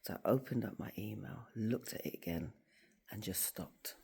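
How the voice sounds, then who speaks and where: This woman speaks at a moderate pace with an extremely low, gravelly and breathy voice. As a school staff member and faith vlogger, she gives a casual motivational talk to camera in her office, animatedly telling a story and impersonating the voices in it.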